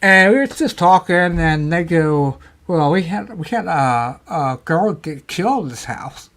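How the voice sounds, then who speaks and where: Animated man telling paranormal stories. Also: on the high side, a little slow. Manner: animated storyteller, acts out quotes. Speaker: guest. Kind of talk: casual chat.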